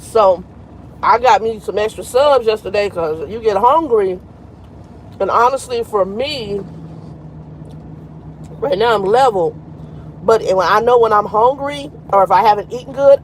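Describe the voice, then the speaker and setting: A woman's voice: medium pitch, slight background noise, poor audio. A woman in her fifties, a truck driver chatting frankly on a casual live stream and greeting viewers by name. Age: 50s. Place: in a truck cab at a terminal.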